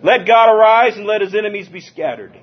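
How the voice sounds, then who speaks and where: A man from Southern California preaching a lively sermon, drawing call-and-response from his listeners and chuckling between points. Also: high voice, fairly quick. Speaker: pastor. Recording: dull lo-fi sermon recording.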